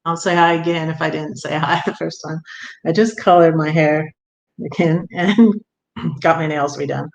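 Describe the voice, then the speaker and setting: A woman's voice: low-pitched, steady tone, normal speed, vocal fry, echoey room, dull audio, slight background noise. An older woman, chatting casually on a livestream, greeting viewers and laughing often. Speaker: livestream vlogger.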